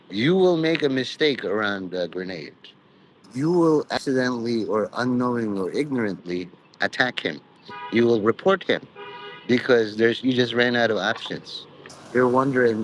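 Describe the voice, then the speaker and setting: Rambling, profane man at mid pitch. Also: expressive, moderate pace, a little hiss or hum, poor audio. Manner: meandering, profane, peppered with "you know"; mock preachy, drifts into quoted voices. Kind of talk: rambling monologue.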